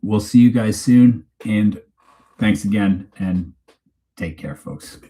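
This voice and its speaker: A man with a fairly low voice talks casually to his live-stream audience. He rambles, loses the thread and restarts his sentences in an easy, chatty way. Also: takes it slowly, mellow, slight background noise. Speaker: host of a true crime channel. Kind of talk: casual live-stream chat, reading viewer comments. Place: home.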